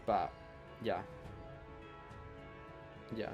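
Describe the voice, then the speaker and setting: A man's voice: drawn-out words, highs cut off, faint music behind. A man chatting casually on a game livestream, rambling and full of fillers. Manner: rambling, lots of "like" and "you know". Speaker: game streamer.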